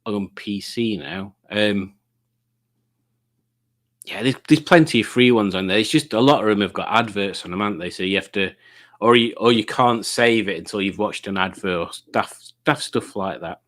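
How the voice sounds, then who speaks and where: A man's voice: fairly low pitch, normal speed, fairly bright tone. A middle-aged man hosting a casual livestream, rambling as he reads out viewer comments. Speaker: livestream host.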